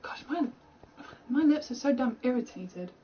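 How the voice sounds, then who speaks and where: This gaming streamer's voice is high and expressive, slightly rough, and she keeps a measured pace over lo-fi sound. She's a young British woman recorded at home, rambling chattily as she plays and poking fun at herself with laughter.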